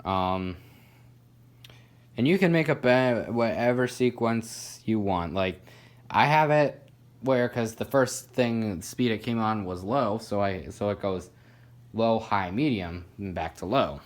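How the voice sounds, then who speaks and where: A man's voice: fairly low pitch, animated, slow pace. A man casually narrating a hobby video about a ceiling fan, rambling with lots of fillers and self-deprecating asides. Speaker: ceiling fan collector showing a fan.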